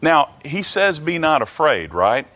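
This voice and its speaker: A man preaching a Bible study sermon, halting and restarting, reading scripture aloud and asking the listeners many rhetorical questions. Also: on the high side, very animated, bright, forceful tone. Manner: reads King James scripture aloud.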